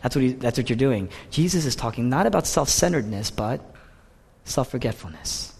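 A male pastor delivers an impassioned sermon in a slightly husky voice. His pitch swings widely, climbing into loud cries and sinking to hushed whispers. The sound carries the long reverb of a large hall. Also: lively intonation, fairly quick.

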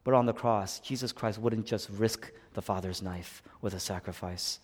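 A man preaching a sermon, swinging from hushed, quiet lines to loud, impassioned ones and repeating phrases for emphasis. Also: lowish voice, normal speed, long reverb tail.

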